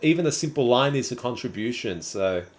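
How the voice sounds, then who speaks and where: Here a Sydney-accented man, somewhere in his twenties or thirties, hosts a live stream and works through viewer messages one by one. His medium-pitched voice moves a little fast, and his manner stays easygoing and talkative.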